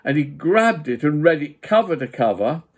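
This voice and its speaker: A man's voice: fairly high pitch, sing-song, normal speed. A man in his seventies reminiscing in a vlog, chatty and digressive, with frequent asides. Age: 70s. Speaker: vlogger. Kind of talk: storytelling, personal reminiscence.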